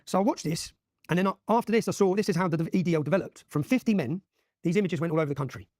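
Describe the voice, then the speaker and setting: A man in his forties with an English accent, pouring out his account at a breakneck pace. His voice sits somewhat high for a man and stays emphatic throughout, with frequent "yeah?" tags. The sound is close and dry. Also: very fast, a little mellow, dry recording. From England. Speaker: interview guest. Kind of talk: impassioned storytelling in a podcast interview.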